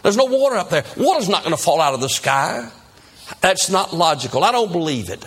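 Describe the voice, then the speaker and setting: A loud, dismissive skeptic who scoffs at every warning, as a preacher puts him on. The voice sits higher than usual and has a husky edge. It is acted out in the middle of a spoken sermon story. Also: male voice, sing-song, brisk, heavily acted. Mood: scoffing. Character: scornful grown man scoffing at the preacher.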